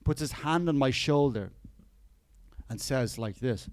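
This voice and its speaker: A man's voice: medium pitch, unhurried, no room sound. A man from Cork with an Irish accent, a podcast guest telling stories with lots of swearing and acted-out quotes. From Ireland. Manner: lively storyteller, swears a lot, acts out quotes. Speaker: podcast guest, clown teacher. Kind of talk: casual podcast chat.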